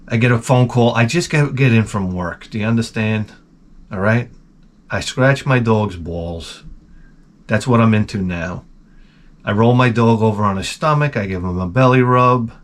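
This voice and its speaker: A man in his forties hosting a show, telling crude, rambling stories in a casual monologue and jumping into loud, animated retellings. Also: mid-range voice. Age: 40s. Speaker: host.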